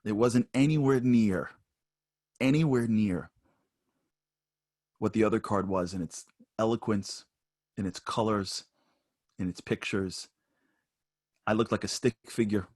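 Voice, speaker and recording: A man giving a spoken lesson at an online seminar, telling personal stories and growing higher and louder as he gets animated. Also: moderate pace, long pauses, dry recording, studio quality. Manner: storytelling, rising higher and louder when animated.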